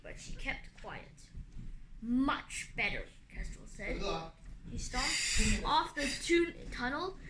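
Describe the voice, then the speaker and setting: A woman reading a fantasy novel aloud expressively, with occasional slips and restarts. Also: high-pitched. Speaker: audiobook reader. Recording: echoey room, faint hum.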